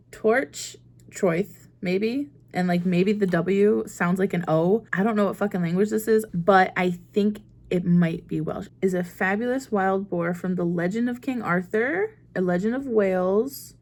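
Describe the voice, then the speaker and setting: A woman's voice: mid-range voice, moderate pace, hardly any pauses, darkish tone. A young American woman chatting casually on her book vlog, rambling and often laughing at herself. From United States. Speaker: book vlogger. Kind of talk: casual chat.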